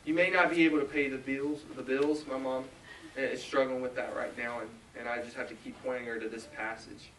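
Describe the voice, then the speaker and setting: Young male preacher, earnest and halting, bright forceful voice, recorded from a distance in a roomy church. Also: mid-range voice, level tone, a little hiss or hum. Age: 20s. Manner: earnest, halting, with many restarts and asides. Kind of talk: sermon with personal story. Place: large church hall.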